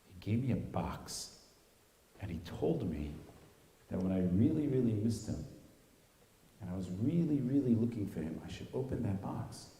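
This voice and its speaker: A man's voice: on the low side, sing-song, moderate pace, long pauses, mellow. A man, a rabbi, telling a story in a sermon at a school with dramatic, varied delivery. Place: school hall. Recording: reverberant hall.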